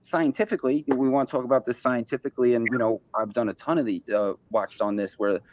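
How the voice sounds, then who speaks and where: A man's voice: medium pitch, steady tone, fast, dull audio, a little hiss or hum. A man speaking as a guest in a casual livestream conversation, rambling and cursing with many restarts.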